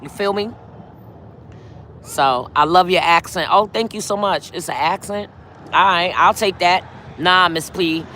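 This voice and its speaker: Speaking at a measured pace with long pauses, a middle-aged woman from New York uses a fairly low, pushed, bright voice while hosting a casual live stream outdoors on a city street. She's chatty, addresses viewers directly with lots of "y'all," and the recording carries a little hiss or hum.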